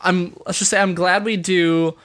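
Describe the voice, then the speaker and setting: A man's voice: high-pitched, little pitch movement, moderate pace, a bit bright. A man talking casually as a guest voice actor, rambling with many restarts and frequent laughs. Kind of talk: casual podcast interview.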